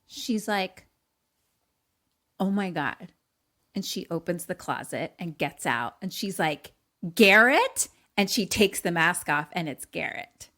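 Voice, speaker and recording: Joining a podcast over a remote call, a woman co-host casually retells a film's plot, animatedly acting out the characters' lines and laughing often. Her voice is on the low side, at a moderate pace with few pauses.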